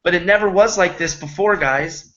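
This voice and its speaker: A man's voice: sits high, normal speed, bright, forceful tone, muffled recording. A man coaching home business owners in a rambling, earnest motivational talk, often checking in with his listeners.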